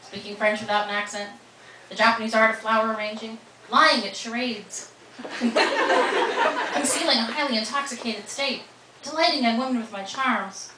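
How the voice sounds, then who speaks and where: A woman's voice: fairly high pitch, normal speed, noisy background, natural voice. A woman voicing a flippant, charming teenage boy in a live book reading, with dry, cheerful wisecracks, recorded from a distance in a roomy bookstore. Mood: teasing.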